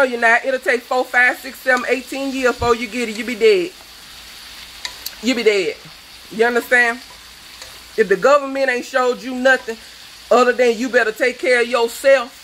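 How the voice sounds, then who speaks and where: A woman's voice: on the high side, normal speed, pauses often, fairly bright tone, a little hiss or hum, poor audio. A woman, a cooking show host, delivering a fervent, preachy rant that scolds her viewers. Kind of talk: impassioned vlog rant.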